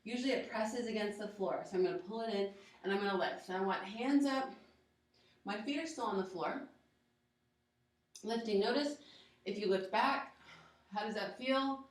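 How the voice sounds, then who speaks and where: A woman's voice: medium pitch, moderate pace, long pauses. Woman, yoga instructor, encouraging, step-by-step cues, heavy room echo, distant mic. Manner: encouraging, gives steady step-by-step cues and countdowns. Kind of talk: guided workout instruction. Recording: very echoey room, voice from far off.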